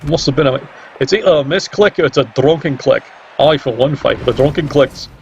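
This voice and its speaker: A man's voice: mid-range voice, a little fast. A man commentating a video game match in a sarcastic, teasing way. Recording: dull lo-fi mic with faint hiss.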